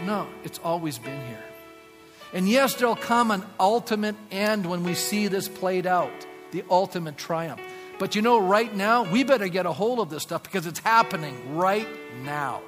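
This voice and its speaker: High-pitched emphatic male pastor preaching. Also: expressive, unhurried, in a large hall, music in the background. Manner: emphatic preaching with acted-out quotes. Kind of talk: sermon. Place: church sanctuary.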